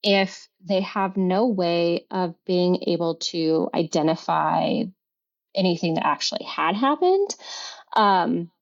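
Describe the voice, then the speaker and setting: A middle-aged woman, a podcast guest, telling a personal story in an earnest, halting way with many restarts and fillers. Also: lowish voice, expressive, vocal fry. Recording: dull lo-fi recording.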